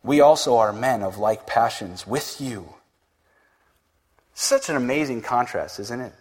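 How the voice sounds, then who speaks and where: A man's voice: medium pitch, animated, a little slow. A man preaching a conversational sermon, chuckling often and acting out the lines he quotes. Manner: conversational, laughs often, acts out quoted speech. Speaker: pastor. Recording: reverberant hall, husky voice.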